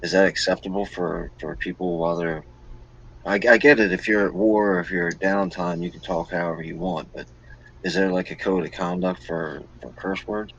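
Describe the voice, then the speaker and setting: Gravelly, husky man with a very deep voice. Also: steady tone, moderate pace, fairly bright tone, muffled recording. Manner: rambling, asks questions. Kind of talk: casual political chat.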